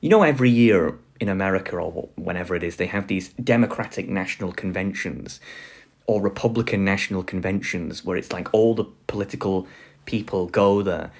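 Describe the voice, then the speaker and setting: A man's voice: low-pitched, a little fast. A man giving a casual online lecture, loose and full of fillers, often laughing.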